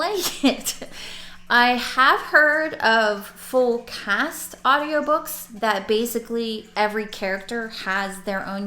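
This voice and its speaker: A young woman talking casually to her viewers about books, rambling and restarting as she goes. Her voice is bright and forward. The room adds a clear echo. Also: mid-range voice. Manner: rambling, chatty, with restarts and laughs. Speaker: book vlogger. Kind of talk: casual chat to camera. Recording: roomy echo.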